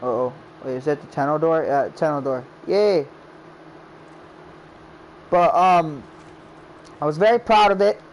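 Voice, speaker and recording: A game creator casually tells a rambling story about making his game, repeatedly saying "I was like" and quoting his friends' reactions. His voice sits on the high side and is a little slow with long pauses, on a rough recording with a bit of hiss or hum.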